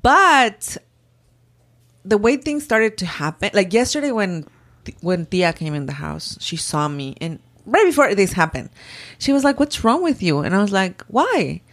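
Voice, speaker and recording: A woman in casual chat, telling a story in an animated way and acting out the people she quotes. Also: medium pitch, measured pace.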